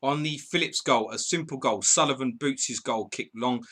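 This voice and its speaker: A man's voice: medium pitch, normal speed, a bit bright. A man hosting a live football stream, reading viewers' comments and calling match updates in a chatty, bantering way. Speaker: podcast host.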